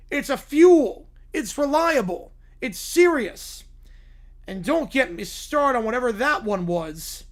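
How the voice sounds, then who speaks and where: A hoarse man voicing a stern, folksy Texan man who lectures about propane. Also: extremely high pitch, pitched above the performer's own voice, full character voice. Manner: lecturing, indignant.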